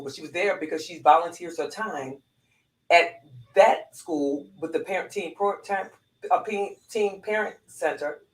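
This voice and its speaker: A woman's voice: on the low side, roomy sound, poor audio. A woman, a former police corporal, telling a heartfelt personal story with lots of restarts and repeats.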